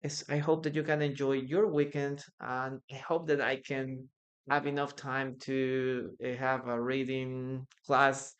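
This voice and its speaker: A man's voice: mid-range voice, little pitch movement, a little slow. A man whose first language is Spanish, teaching a live online English class and patiently explaining grammar through example sentences on a computer mic.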